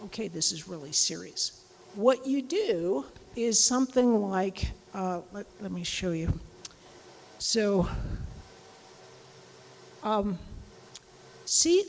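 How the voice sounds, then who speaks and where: A woman giving a casual, chatty lecture on teaching, animated and full of asides. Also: fairly high pitch, big-room sound, poor audio. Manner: chatty, animated, acts out quoted voices. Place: lecture hall.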